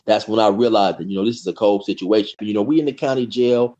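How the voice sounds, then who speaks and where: A middle-aged man, interviewed as a guest, tells long prison stories in a casual, rambling way, often saying "you know" and repeating words. His voice is fairly low, fast, and dark in tone. The lo-fi recording sounds dull.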